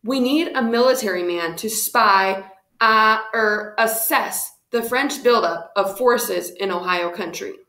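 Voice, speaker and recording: A woman reading aloud, voicing a shrewd male royal governor who speaks formally and briskly, in an echoey room. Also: mid-range voice, bright, forceful tone.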